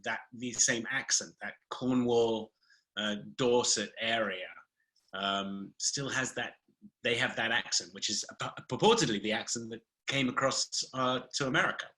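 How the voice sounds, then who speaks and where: A man's voice: mid-range voice, bright, forceful tone, rough recording. A man hosting a casual live video call chat, laughing often, chatty and playful.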